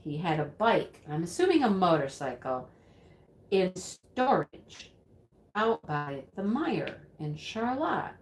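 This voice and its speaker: Lady telling a story, lively pitch, lots of oh lord, echoey room. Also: slow pace. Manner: animated, laughing, exclaiming. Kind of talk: storytelling chat. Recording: roomy echo.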